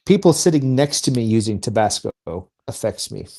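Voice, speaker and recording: A man with a warm, dark tone who keeps his replies short and easygoing. His voice sits at an ordinary pitch, and he chats casually. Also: lively intonation, fairly quick, creaky, slightly rough. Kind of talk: casual chat.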